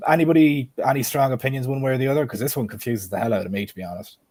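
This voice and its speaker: A man's voice: mid-range voice, very fast, darkish tone, no room sound. A man with an Irish accent hosting a casual stream chat, often turning questions to the panel and the chat. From Ireland. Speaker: host.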